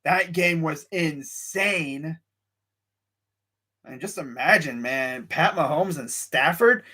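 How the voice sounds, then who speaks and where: An excitable young man talks his sports picks on a casual live stream, reacting to the chat as he goes. His voice sits a little higher than most men's, and he swings between amused disbelief and hyped-up excitement. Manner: excitable, animated, lots of sighs and laughs; reads live chat while talking. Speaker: sports show host.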